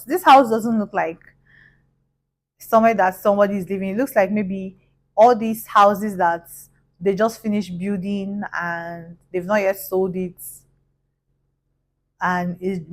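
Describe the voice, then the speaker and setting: A young Nigerian-accented woman recounts a tale for her vlog. She sits at a mid pitch. She talks in a lively, gossipy way and slips into other people's voices. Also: rough recording. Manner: animated, gossipy, acts out voices. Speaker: vlogger. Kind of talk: casual storytelling.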